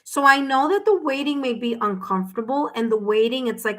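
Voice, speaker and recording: A woman's voice: on the high side, a little fast, fairly bright tone, poor audio. A woman giving a paid tarot reading on a live stream, speaking to the viewer directly in a soothing, reassuring way while she has the hiccups. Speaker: tarot reader.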